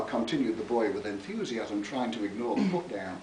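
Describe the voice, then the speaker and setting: This male author reads his book aloud theatrically at a library event, relishing the words, chuckling at his own lines and throwing in spoken asides. His lowish, darkish voice moves fairly quickly with few pauses, captured by a far-off mic in an echoey room with a little hiss or hum.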